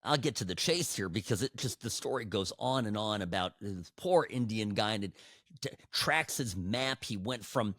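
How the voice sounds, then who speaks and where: A man hosting a political commentary podcast, talking in an animated, sarcastic way with frequent restarts, into a studio microphone. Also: on the low side, normal speed, no room sound. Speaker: podcast host.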